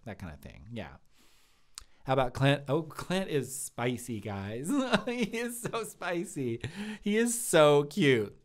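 A man voicing a bubbly young woman who works as a lead server, rambling and giggly with many fillers. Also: mid-range voice. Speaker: live-stream comedy host in character. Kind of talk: improvised character comedy.

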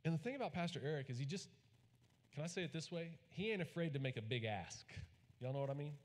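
Animated and fast, with a slightly high voice, a man from Texas preaches in a folksy storytelling manner and gets his congregation to call lines back. A long hall reverb fills the recording from the large church space.

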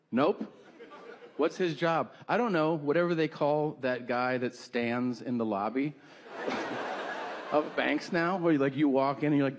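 A male stand-up comedian telling a story on stage, exasperated, acting out both sides of a conversation. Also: medium pitch. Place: comedy stage before a live audience. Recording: stage recording with background noise. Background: audience laughter.

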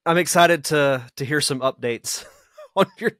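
A man hosting a podcast, interviewing his guest in a relaxed, casual way. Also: fairly high pitch, unhurried, no echo, clean studio sound. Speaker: podcast host.

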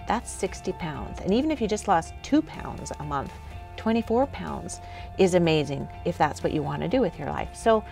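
A woman's voice: lowish voice, a little mellow. A woman life coach giving an enthusiastic motivational lesson while walking on a treadmill.

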